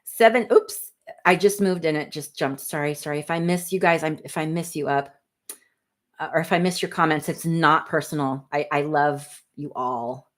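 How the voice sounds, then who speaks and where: A woman in her fifties hosting a casual livestream, reading viewer comments aloud in a chatty, apologetic way with quick asides. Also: sits low. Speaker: livestream host.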